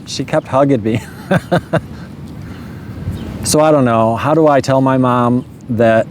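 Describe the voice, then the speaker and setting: A man's voice: mid-range voice, darkish tone, a little hiss or hum. A man telling a personal story in a loose, rambling way, often saying "you know" and chuckling.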